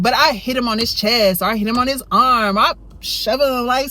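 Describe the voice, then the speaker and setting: A woman's voice: lively intonation, fairly quick, hardly any pauses. A woman casually telling a storytime tale, chatty and rambling, often tucking in "you know" and "right?". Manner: jumps high and loud when acting out her younger self. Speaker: storytime vlogger.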